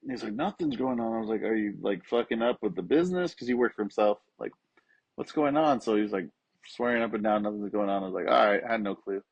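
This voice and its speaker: Husky-voiced man telling a story. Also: on the low side, animated, fast talker, no echo. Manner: swears freely, acts out quoted voices. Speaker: podcast guest, skateboarding coach. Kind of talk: casual storytelling. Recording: dull, lo-fi sound.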